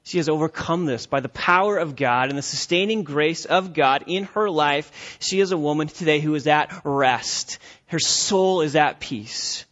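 A high-pitched man preaching a sermon in an emphatic, repetitive style. He swings between loud urging and hushed earnestness. The recording sounds somewhat dull and lo-fi. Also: normal speed. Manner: emphatic, repetitive preaching with rising and falling intensity. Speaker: pastor.

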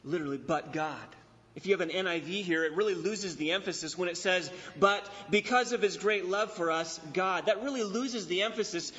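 High-voiced man preaching in an echoing hall. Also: a bit bright. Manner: emphatic, repeats key phrases, slows on stressed words. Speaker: pastor. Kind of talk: expository sermon. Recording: dull recording in a reverberant hall.

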